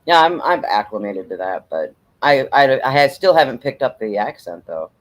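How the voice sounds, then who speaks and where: A man's voice: mid-range voice, big pitch swings, moderate pace. A man from Minnesota with a Minnesotan accent, chatting casually and swearing freely, with frequent laughs. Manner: profane, laughing storyteller. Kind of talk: casual chat. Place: living in the US South.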